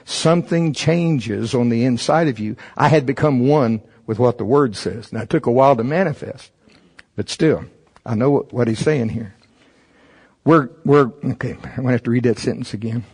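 A man's voice: medium pitch, moderate pace, a little mellow, breathy edge. A man preaching a sermon, reading from a text and stopping to comment, rising emphatically on key words. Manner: reads a text aloud and stops to comment.

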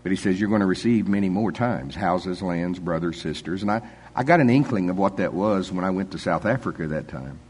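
A man's voice: low voice, a little fast, a little mellow, slightly rough. An older man preaching a sermon in a folksy, conversational way, chuckling often.

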